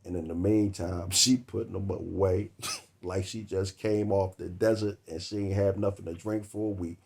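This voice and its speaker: A man's voice: low-pitched, fairly even intonation, normal speed, creaky, a little mellow. A man telling a comic story about a costly date with lots of swearing and laughter. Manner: profane, laughing through the story. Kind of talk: comedic storytelling monologue.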